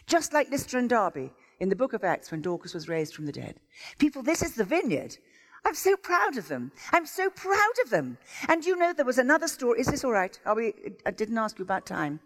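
A woman delivers a sermon with real enthusiasm, her pitch rising and falling in lively swoops. Her exclamatory storytelling carries through a church with a long, ringing reverb. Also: quick pace. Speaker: visiting preacher. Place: church sanctuary.

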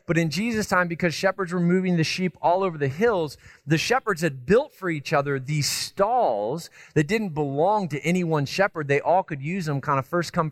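A man preaching a sermon. He tells stories in a lively, conversational way, with self-deprecating asides, and moves from loud emphasis to hushed tenderness. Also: a little high, dry recording. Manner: animated storytelling, swinging between loud emphasis and hushed tenderness. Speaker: pastor.

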